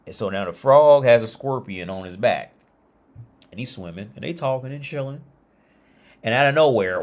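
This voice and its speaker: A man's voice: medium pitch, lively intonation, normal speed. A man talking on a casual livestream, rambling with many restarts and fillers. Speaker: streamer.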